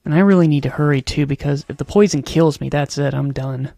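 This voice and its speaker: A man's voice: on the high side, brisk, creaky, warm tone, dry recording. A man giving casual gameplay commentary, fretting and repeating himself as he mutters complaints over faint game music. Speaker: let's play commentator.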